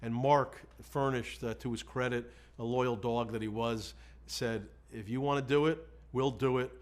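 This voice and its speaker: A man's voice: mid-range voice, fairly even intonation, measured pace. Male defense lawyer, candid storyteller, quotes conversations, wry and self-deprecating. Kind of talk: storytelling in an interview.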